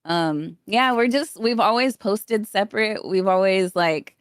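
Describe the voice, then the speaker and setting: A woman's voice: mid-range voice, a little slow, smooth, no room sound. A woman in her thirties, a podcast guest rambling through stories in casual chat. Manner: chatty, rambling storyteller.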